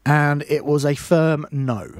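Male radio host, slightly high voice, playful teasing patter, dry booth. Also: steady tone, takes it slowly, no room sound. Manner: teasing, jokey banter. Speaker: radio presenter. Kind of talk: casual radio chat. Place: radio studio.

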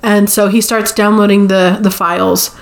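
A woman co-hosting a podcast, casually recapping a movie in a chatty storytelling way and dropping into quick character voices. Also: mid-range voice, flat delivery. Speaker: podcast co-host.

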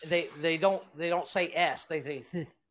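A man's voice: on the high side, normal speed, fairly bright tone. A man co-hosting a podcast in casual chat, rambling and swearing, often trailing off while he searches for names. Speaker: podcast co-host.

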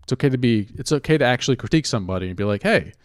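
Racing through a casual rant, a man is blunt and profane, sometimes halting to question himself. His mid-range voice is smooth, with lively intonation, captured in clean, echo-free studio sound.

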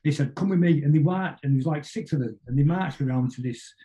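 A man's voice: on the high side, fast, warm tone, highs cut off. A middle-aged man, a podcast guest telling long stories that ramble along with frequent restarts and repeated words. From Salford, England. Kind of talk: casual storytelling interview.

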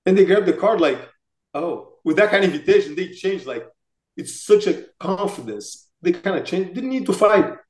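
A man's voice: high-pitched, moderate pace. Brazilian-accented man telling stories animatedly. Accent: Brazilian Portuguese. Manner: animated, acts out quoted voices. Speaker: guest, martial arts master. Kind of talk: casual storytelling. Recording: echoey room.

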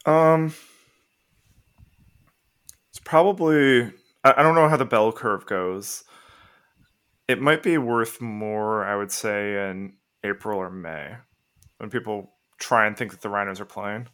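A man co-hosting a casual podcast, thinking out loud. He hesitates often and restarts his sentences. His voice sits slightly low. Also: slow pace, long pauses, clear, resonant tone. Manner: hesitant, restarts while reasoning aloud. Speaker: podcast co-host.

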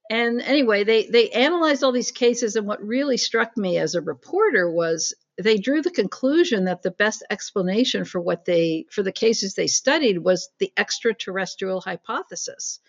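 A woman's voice: mid-range voice, vocal fry, dull audio. A middle-aged woman journalist answering interview questions in an earnest storytelling way, full of fillers. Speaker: guest journalist.

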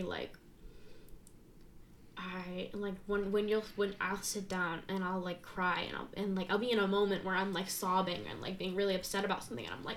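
Young woman guest, casual halting delivery, faint hiss behind. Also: mid-range voice. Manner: halting, many fillers and restarts. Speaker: guest sharing her story. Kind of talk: candid casual conversation.

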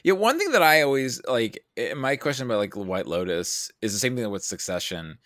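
A man's voice: mid-range voice, sing-song, fairly quick, a bit bright, no room sound, clean studio sound. A man hosting a podcast, chatting casually in a rambling, self-deprecating way and acting out what his friends said. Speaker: podcast host. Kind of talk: casual chat.

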